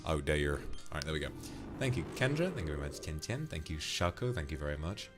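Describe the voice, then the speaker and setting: A man's voice: extremely low pitch, very animated, music in the background. A man streaming a game, chatting casually, thanking donors playfully and ranting with the odd curse. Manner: reads out donations with quick thanks, playful and flirty; swears freely and gets loud when ranting. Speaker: livestreamer. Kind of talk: casual livestream chat while gaming.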